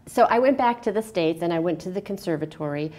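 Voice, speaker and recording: A woman's voice: on the low side, fast. A woman, a former opera singer, telling stories in a casual TV interview and acting out the voices in them. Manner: animated storyteller, acts out quotes and sings snippets. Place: local cable TV studio.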